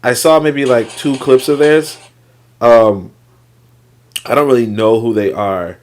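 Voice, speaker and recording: A man's voice: mid-range voice, unhurried. Male host, casual rambling commentary on a reading, filler-heavy and blunt. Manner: rambling, loose, many fillers and restarts, swears.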